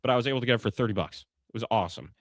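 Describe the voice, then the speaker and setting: A man's voice: medium pitch, rapid-fire, dry recording, clean studio sound. Rambling American man, podcast co-host. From United States. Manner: rambling storyteller with many restarts. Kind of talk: casual sports podcast chat.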